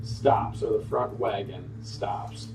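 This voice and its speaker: A man's voice: fairly low pitch, slow, over music. A man running a tabletop game as dungeon master, describing scenes at an easy pace and calling for dice checks. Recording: roomy sound from a distant mic.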